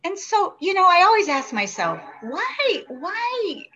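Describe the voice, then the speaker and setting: A woman's voice: extremely high pitch, big pitch swings, brisk, bright, forceful tone. Earnest older woman sharing her story. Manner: earnest and reflective, with frequent restarts and questions to herself. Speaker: member sharing at a recovery meeting. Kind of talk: personal recovery share. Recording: dull lo-fi recording.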